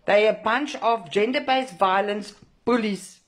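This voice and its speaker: A furious woman delivers a raw rant straight to camera. She swears freely and hammers her points through repetition, her voice sitting at an ordinary middle pitch for a woman. She sounds emotionally shaken and wound up throughout. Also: measured pace. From South Africa. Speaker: protest organiser. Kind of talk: angry direct-to-camera rant.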